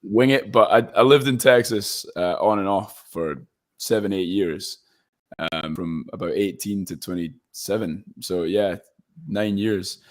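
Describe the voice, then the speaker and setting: A man's voice: fairly low pitch, unhurried. A Scottish man in his late twenties, a guest actor chatting in an interview and telling stories with frequent laughter. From Scotland. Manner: animated storyteller, laughs often. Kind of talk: casual interview chat.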